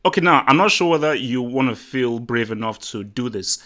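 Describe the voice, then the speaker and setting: A male host with a bright, forceful voice chatting live on a football stream. He boasts, teases his audience and gets excitable, and his voice sits at a middle pitch. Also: brisk. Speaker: livestream host. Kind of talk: casual live chat.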